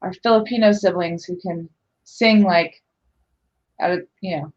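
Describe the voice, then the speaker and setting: A woman's voice: lowish voice, measured pace, darkish tone. A woman from California hosting a casual discussion, talking in a thoughtful, chatty way. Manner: thoughtful, chatty, laughs easily. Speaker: discussion host. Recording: dull lo-fi sound.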